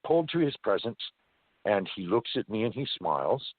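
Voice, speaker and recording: A man from California tells a first-person story in an animated, folksy manner. His voice is low and husky, and it comes over a dry, muffled phone line. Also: moderate pace, no echo. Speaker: interview guest.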